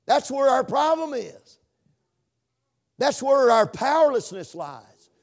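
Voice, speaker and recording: Male pastor, very high voice, fervent sermon delivery with shouted peaks. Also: sing-song, slow. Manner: impassioned preaching that swings to shouts; repeats words and hesitates with fillers.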